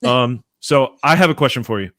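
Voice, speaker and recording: A young man hosts a relaxed chat. He rambles easily, full of "like" and "um," at a middle pitch. His voice sits dry and close on the mic with no room sound. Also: fairly quick, dry recording. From Texas. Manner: laid-back, rambling, many fillers. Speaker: host. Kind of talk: casual chat.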